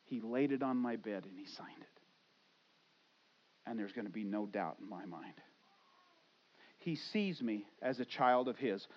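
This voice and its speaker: A middle-aged man preaching a sermon, swinging from loud exclamations to hushed, earnest asides and acting out inner voices. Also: mid-range voice, muffled recording. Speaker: pastor.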